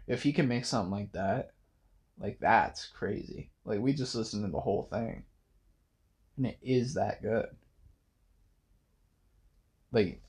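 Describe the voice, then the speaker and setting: A man's voice: medium pitch, husky. A young man hosting a late-night monologue, rambling casually with many fillers and restarts. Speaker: podcast host.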